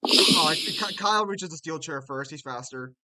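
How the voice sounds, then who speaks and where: A man hosting a casual stream, chatting loosely and swearing, with sudden animated outbursts. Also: a little high, normal speed, dry recording. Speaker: streamer host.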